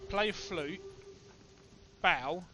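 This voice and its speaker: A young man with a Cockney accent, chatting excitedly to his stream chat while he plays. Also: sits high, very slow, a little hiss or hum. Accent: London Cockney. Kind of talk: casual let's play commentary.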